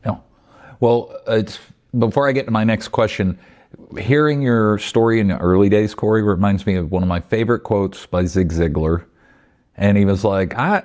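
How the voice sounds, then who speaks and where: A man's voice: lowish voice, moderate pace, darkish tone. A man co-hosting a podcast, talking loosely and laughing easily. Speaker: podcast co-host. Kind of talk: casual podcast conversation.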